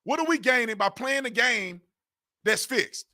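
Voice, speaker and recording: The host of a political commentary channel rants in a notably high, bright voice, speaking a little slowly. He keeps hammering the same rhetorical questions in loose, informal speech. His pitch swings up and down in lively arcs as his exasperation comes through.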